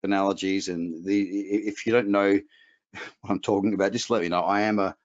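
A middle-aged trading coach, his Australian accent carrying a trace of English, gives an emphatic, motivational webinar presentation with chatty asides. His voice sits low, with fairly even intonation, and he talks fairly quickly. The webinar audio is muffled and lo-fi.

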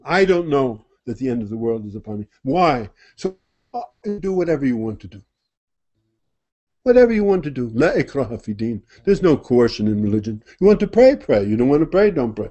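A man teaching at a study center, retelling a scripture story to a gathering in an animated way and repeating phrases for emphasis. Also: mid-range voice. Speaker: religious teacher. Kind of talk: storytelling sermon.

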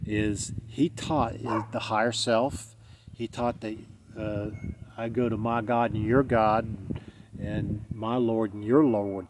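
A man's voice: mid-range voice, background noise. A man with a Southern US accent giving a casual, rambling spiritual monologue that restarts itself, with a light chuckle now and then. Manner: rambling, self-correcting, chuckling. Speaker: spiritual vlogger.

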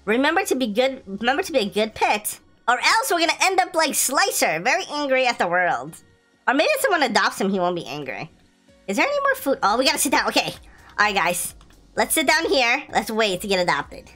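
A woman hosting a gameplay video, excitable and playful, laughing often as she comments. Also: on the high side. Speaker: gaming video host.

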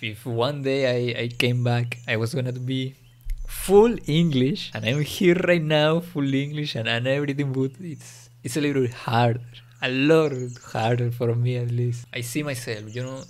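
Young male YouTuber, Spanish native speaker, rambling casual delivery, halting English, mid-pitched. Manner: rambling, repeats fillers like "you know" and "don't worry". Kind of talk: casual monologue.

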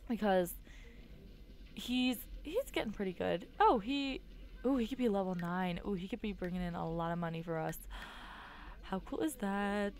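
A woman giving casual commentary while playing a life-simulation game, excitable and quick to gasp and squeal. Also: mid-range voice, slight background noise. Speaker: gaming YouTuber. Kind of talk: casual let's-play commentary.

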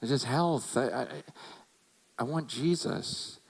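A man's voice: mid-range voice, slow, creaky, slightly rough, low-quality recording. A man preaching a sermon as a pastor, talking earnestly and conversationally and often repeating words as he restarts.

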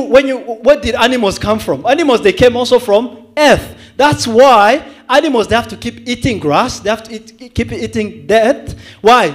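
Man, evangelist, church sermon, lively swinging pitch, repeats words, rhetorical questions. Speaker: evangelist preacher.

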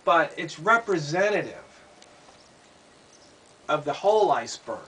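A man's voice: fairly high pitch, expressive, a little slow, a bit bright. A man giving an opinion monologue, asking pointed rhetorical questions and repeating himself. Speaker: commentator. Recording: distant mic, faint background noise.

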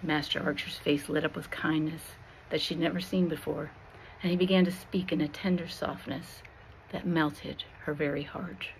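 A woman with a low voice tells a Christian allegory in a slow, expressive style and leans into every dramatic beat. A faint hiss of noise sits beneath her voice. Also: low-quality recording. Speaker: storyteller.

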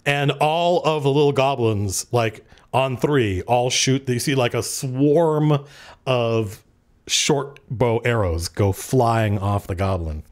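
A man's voice: mid-range voice, slow. A man narrating as game master at a tabletop game, casual and freely swearing as he works through the rules aloud.

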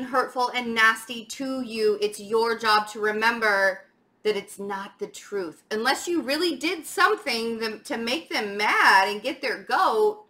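A woman's voice: a little high, pushed and bright. A young adult woman giving a casual tarot reading to camera, chatty, frank and emphatic. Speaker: tarot reader.

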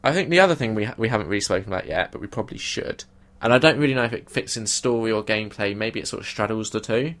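Animated young man, complaining casually. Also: fairly low pitch, racing, hardly any pauses. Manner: animated, swears and complains freely. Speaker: podcast co-host. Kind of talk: casual chat.

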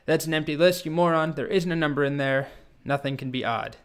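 A gruff, smug dragon, as a man puts it on. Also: a little high, normal speed, close to an everyday voice. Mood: annoyed. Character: grumpy, smug male dragon answering questions.

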